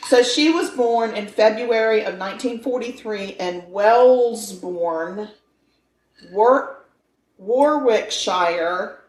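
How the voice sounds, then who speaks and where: A woman's voice: mid-range voice, takes it slowly, a little mellow. A woman in her fifties co-hosting a podcast, telling a true-crime story with playful, joking banter. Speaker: podcast co-host. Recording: echoey room with faint noise.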